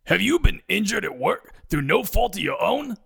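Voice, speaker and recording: A man voicing a sleazy male TV injury lawyer with a heavy Brooklyn accent, bellowing a drawn-out sales pitch in a comedy audio drama. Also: very animated, gravelly, a bit bright, breathy edge, full character voice. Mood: hard-selling.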